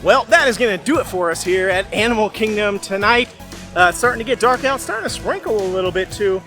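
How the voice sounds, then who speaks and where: A middle-aged man with a fairly high voice, rambling happily through a casual vlog. Music plays clearly in the background. He raves about food and chats loosely. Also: animated, fast talker. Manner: enthusiastic, rambling food reviewer. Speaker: theme park vlogger.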